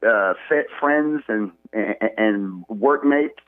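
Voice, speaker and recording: A man calling in to a radio talk show, speaking haltingly over a phone line. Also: fairly low pitch, no echo. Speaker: caller. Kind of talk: call-in radio comment.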